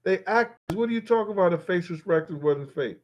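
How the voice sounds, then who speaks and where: Fast-talking and expressive, this male livestream host has a voice that sits high. He reads out viewer comments and responds in a rambling, profane, easygoing manner, with the audio's highs cut off.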